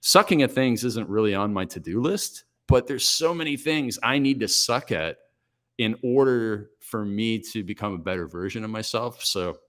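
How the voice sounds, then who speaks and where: Forties male podcast guest, low-voiced, energetic storyteller. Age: 40s. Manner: energetic, brisk and self-reflective. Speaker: podcast guest, business coach.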